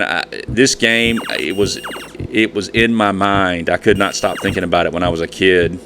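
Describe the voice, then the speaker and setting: A man's voice: sits low, a bit bright, slight background noise. A man, reminiscing in a rambling, folksy way as host of a retro gaming channel. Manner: rambling, chatty, folksy storytelling. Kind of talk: nostalgic casual monologue.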